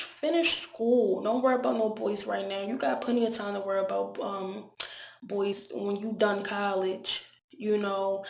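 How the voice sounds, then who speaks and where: A young woman from Baltimore, her mid-range voice creaky, recounts a candid storytime for her vlog, repeating words often. The recording has an echoey room sound.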